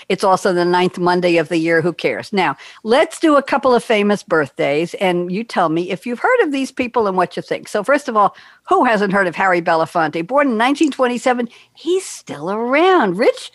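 A woman's voice: on the low side, dry recording. An older woman from New York hosting a talk show, chatting and telling stories with bubbly asides. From Queens, New York. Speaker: radio show host. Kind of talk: casual chat.

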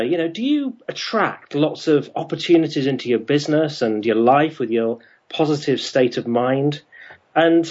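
A man's voice: a little high, a little mellow. A man hosting an interview show, talking in a hesitant way with many ums and restarts. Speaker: podcast host. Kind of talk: casual interview chat. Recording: dull lo-fi sound.

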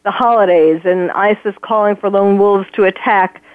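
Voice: mid-range voice, fairly even intonation, normal speed, dry recording. A radio host conducting an interview, steering the talk with short questions and brief backchannels. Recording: dry, tinny phone line.

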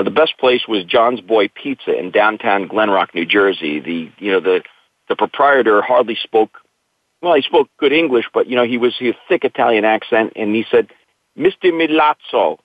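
A man's voice: lowish voice, no echo. A middle-aged man, a guest in an interview, telling his own story in an earnest, reflective way. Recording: tinny dry phone line.

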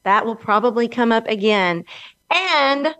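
A middle-aged woman with a Southern Alabama accent speaks slowly and earnestly, as if encouraging her listeners. Her voice sits a little high. The recording is dry and close, with no room sound. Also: lively intonation, pushed and bright, smooth, no echo. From Alabama, USA. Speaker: podcast host. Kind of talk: scripted motivational talk.

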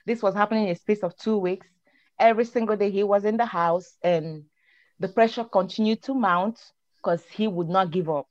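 A woman, a guest telling her personal story in an animated, quick way. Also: medium pitch, no room sound. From Nigeria. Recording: dull lo-fi recording.

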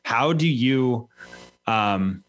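A middle-aged man hosting a podcast, chatting in a relaxed way with fillers. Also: mid-range voice, very slow. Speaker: podcast host. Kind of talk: casual interview chat.

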